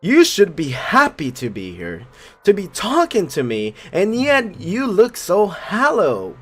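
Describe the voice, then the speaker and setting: A man reading a game's cruel blind date, a harsh inner voice, in a slow, cutting, theatrical way. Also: high voice, wildly swooping pitch, fairly bright tone, slightly rough, pitched above the performer's own voice, full character voice.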